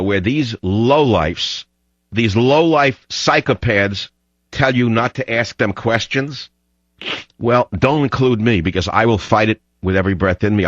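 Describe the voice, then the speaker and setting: A man's voice: on the low side, a bit bright, dry recording. A man hosting talk radio, delivering an emphatic, fiery ranting monologue on dull lo-fi audio.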